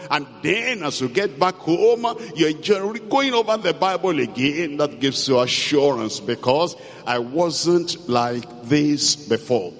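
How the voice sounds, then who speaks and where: A man preaching a sermon, slow and emphatic, repeating key phrases and reading scripture aloud. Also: fairly high pitch, lively intonation. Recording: long hall reverb.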